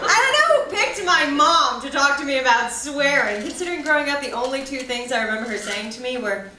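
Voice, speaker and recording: A woman's voice: high-pitched, expressive, fast talker, background noise. A young woman from Ireland doing stand-up in a comedy club, chatting with the crowd. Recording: echoey club from far off. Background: laughing audience.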